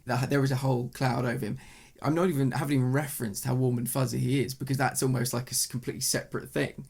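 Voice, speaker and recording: A man with a gravelly, husky voice co-hosts a casual podcast chat about TV. He rambles through exasperated complaints at a middling pitch. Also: darkish tone. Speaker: podcast co-host. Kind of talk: casual chat reviewing TV shows.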